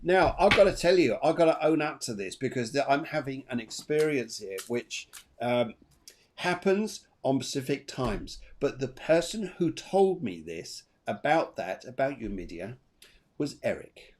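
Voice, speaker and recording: A man hosts a live psychic reading show. He is chatty and animated and laughs easily. His voice sits at a middle pitch. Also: unhurried, a little hiss or hum. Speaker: medium and show host.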